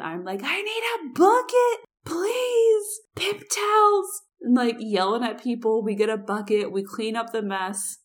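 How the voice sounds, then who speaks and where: A young woman spinning a casual story on a podcast, animated and chatty. Her voice sits in an ordinary middle pitch. She jumps in and out of acted quotes as she goes. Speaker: podcast co-host.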